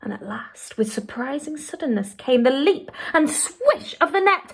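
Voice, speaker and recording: A woman teacher reading a children's storybook aloud expressively, dropping to a hush for suspense. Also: sits high, sing-song, unhurried.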